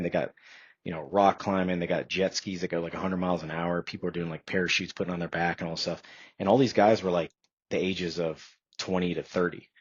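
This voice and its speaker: Brief: man in his thirties, podcast guest, very low and husky, earnest storyteller, dry, slightly dull audio. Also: dry recording. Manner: earnest, reflective, filler-heavy storytelling. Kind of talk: personal storytelling in a podcast interview.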